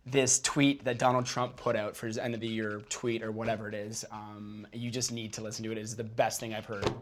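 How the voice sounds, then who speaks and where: A man's voice: fairly low pitch, level tone, fairly quick, slight background noise. A man on a casual podcast panel, enthusiastically recommending a clip. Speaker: podcast co-host.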